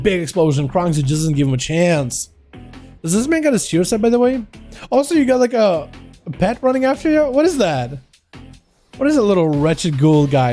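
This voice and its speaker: Excitable high-voiced man commentating duels. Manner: excitable, chatty, talks to chat. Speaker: streamer and duel commentator. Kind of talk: live game commentary.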